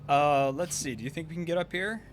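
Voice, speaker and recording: A man's voice: on the high side, a little fast, slight background noise. A man co-hosting a game stream, tossing out dry, offhand jokes while he plays. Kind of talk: casual let's-play banter.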